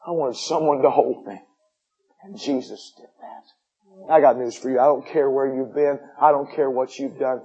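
Husky preacher man. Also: mid-range voice, fairly even intonation, moderate pace, muffled recording. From United States. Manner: folksy, swings from upbeat jokes to hushed intensity. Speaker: missionary pastor. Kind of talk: sermon with personal stories.

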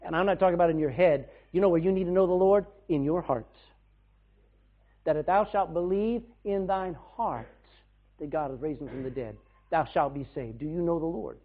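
A man preaching to his congregation in a homespun, folksy way, now rising to a loud burst, now dropping low. His voice sits a little high for a man. The sound is thin and boxy, like it came through a phone. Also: moderate pace. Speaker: pastor. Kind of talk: sermon. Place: church. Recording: tinny, phone-like band.

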